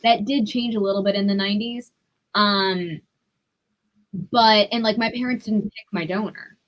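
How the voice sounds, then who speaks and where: Woman, young adult, podcast guest, blunt storyteller, swears freely, mid pitch. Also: normal speed, dull audio. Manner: candid, profane, animated retelling. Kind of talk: casual storytelling.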